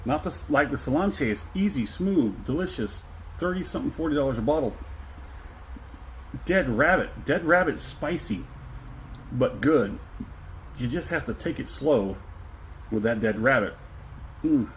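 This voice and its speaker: A man's voice: mid-range voice, lively intonation, a little slow, long pauses, a little hiss or hum, poor audio. Effusive man savoring a whiskey tasting. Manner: effusive, savoring, humming and chuckling. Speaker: whiskey reviewer. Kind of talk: casual tasting review.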